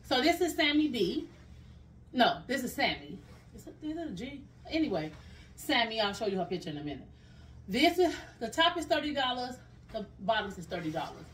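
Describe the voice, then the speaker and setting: A woman vlogger chatting casually through a clothing haul, animated and laughing often. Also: on the high side, far from the mic, slight background noise.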